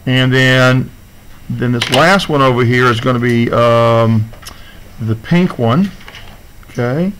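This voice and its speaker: A man's voice: medium pitch, takes it slowly, pauses often, a bit bright, slight background noise, low-quality recording. A man teaching a class video lesson, talking students through each step on screen in a casual, checking-in way.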